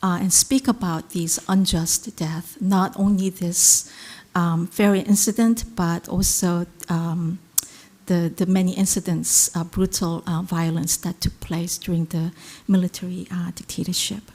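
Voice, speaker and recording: A woman poet giving a measured, incantatory poetry reading, with hesitant fillers when she speaks freely. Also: fairly low pitch, steady tone, mellow.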